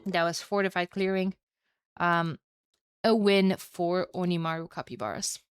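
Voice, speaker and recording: Smooth-voiced woman casting a strategy game. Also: fairly low pitch, a little slow, dry recording. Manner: chatty, excitable, swears and laughs at herself. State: tired with a headache. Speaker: esports caster. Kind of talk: solo game commentary to a live chat.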